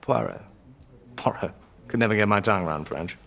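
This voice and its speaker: A man's voice: fairly low pitch, normal speed, vocal fry, fairly bright tone. A hearty, chummy Englishman. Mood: jovial. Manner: hearty and chatty. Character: jovial, chummy Englishman at a bar.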